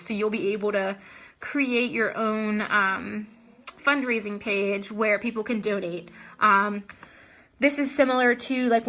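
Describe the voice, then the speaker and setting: Bright-voiced woman chatting on a livestream. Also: medium pitch. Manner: chatty, many ums and restarts. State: short of breath. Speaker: host of a live video chat. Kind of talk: casual live-stream chat answering comments.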